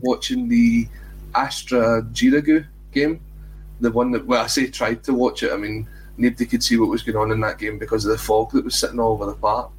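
A man's voice: medium pitch, little pitch movement, fairly quick, slight background noise, low-quality recording. Chatty Scottish man hosting a podcast. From Scotland. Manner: chatty, self-mocking banter. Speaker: podcast host. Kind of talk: casual football chat.

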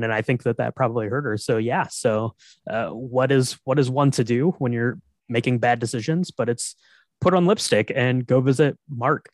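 A man co-hosting a casual film podcast, talking in a relaxed, hesitant way. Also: medium pitch, dry recording, clean studio sound. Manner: relaxed, hesitant with fillers and soft laughs. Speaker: podcast co-host.

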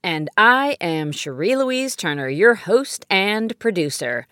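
Woman, fifties, podcast host: upbeat, welcoming read with a lively, swinging pitch and a dry, close sound. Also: takes it slowly, no room sound. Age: 50s. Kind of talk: scripted podcast narration.

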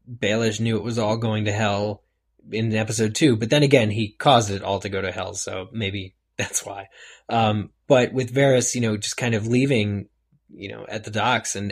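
A man co-hosting a casual podcast discussion, talking in an animated way that rises when he gets excited. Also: lowish voice, normal speed. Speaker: podcast co-host. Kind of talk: casual chat.

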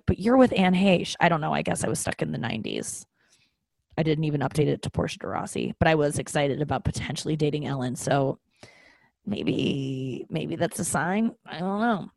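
With a deep, slightly mellow voice and no room sound, a young adult woman podcast host talks on her own in a relaxed way. Her chat is candid, self-deprecating and rambling, full of filler words.

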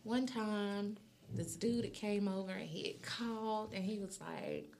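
A woman's voice: mid-range voice, a little slow, gravelly, noisy background. A young woman telling a brash, profane story in casual chat, acting out both sides of the dialogue. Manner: animated storytelling, quotes people in dialogue; brash, swears freely.

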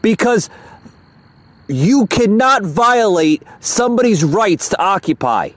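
A man's voice: sits high, very animated, takes it slowly, dry recording. A man hosting a political commentary podcast, talking in an angry, aggravated way with many hesitant fillers. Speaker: podcast host.

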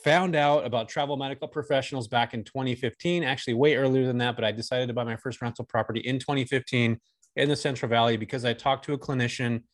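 A man's voice: medium pitch, steady tone, fast. A man in his forties from Northern California, a guest on a casual podcast, telling long stories with easy laughs. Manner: chatty storyteller, laughs easily.

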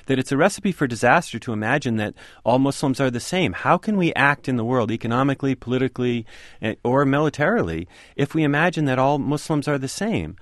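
An author being interviewed as a guest on the radio about his book makes his case earnestly, repeating points for emphasis. He speaks fast in an expressive mid-range voice, with clean studio sound and no echo.

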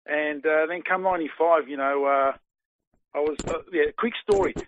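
A man's voice: on the high side, fairly even intonation, moderate pace, slight background noise. An Australian man in his forties, a former footballer, chatting in an interview in a rambling way full of fillers and restarts. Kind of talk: casual interview. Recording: dry tinny phone line.

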